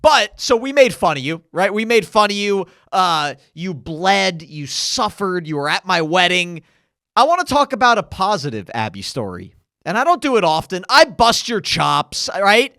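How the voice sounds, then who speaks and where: A young man with a high, bright, sharp voice that leaps all over the place as he teases and jokes in casual podcast talk. The sound is dry and close-miked. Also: moderate pace, no echo. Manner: teasing, lively, interjects often. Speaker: podcast co-host. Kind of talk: casual chat.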